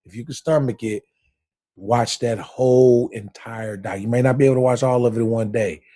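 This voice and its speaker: Brief: husky man, mellow low tone, insistent and repetitive when making a point. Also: fairly even intonation, normal speed. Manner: insistent, repeats "listen" to hold the floor. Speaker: livestream participant. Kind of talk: casual live chat.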